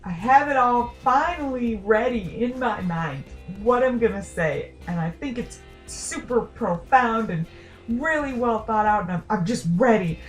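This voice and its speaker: A young woman vlogger chats casually to camera in a fairly high, expressive voice, with light music playing underneath. She rambles, mocks herself, and tosses in quick asides.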